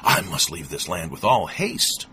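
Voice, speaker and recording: A good-natured but slow-witted storybook traveler, as a man puts him on, in a voice pitched well above the reader's own. He hesitates and stumbles, padding his questions with "uh"s. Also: big pitch swings, sharp tone, a little hiss or hum, heavily acted. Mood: confused. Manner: bewildered, hesitant, with "uh" fillers. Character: cheerful simple-minded traveler man.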